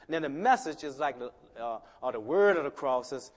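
A male pastor delivers a sermon in a church hall, his words trailing into a long reverb. He talks in a loose, conversational way, full of restarts, then rises into loud emphatic stretches. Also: medium pitch, animated, normal speed, hardly any pauses. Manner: builds from quiet asides to loud emphatic preaching; conversational, many restarts and "you know".

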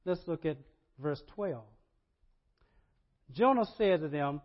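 A man preaching a sermon, animated, repeating words and rising to loud emphasis. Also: fairly high pitch, slow pace, long pauses. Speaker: pastor. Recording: dull lo-fi sermon audio.

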